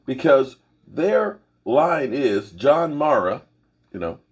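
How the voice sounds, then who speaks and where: A middle-aged man hosting his own sports channel, giving folksy, opinionated commentary in a rambling, casual way with a husky voice. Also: medium pitch, very animated, slow pace.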